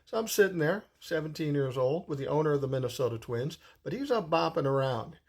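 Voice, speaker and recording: Husky-voiced man in his sixties telling stories. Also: a little high, lively intonation, fairly quick, a little mellow. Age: 60s. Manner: profane, rambling, conversational. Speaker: storyteller. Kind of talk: casual spoken storytelling.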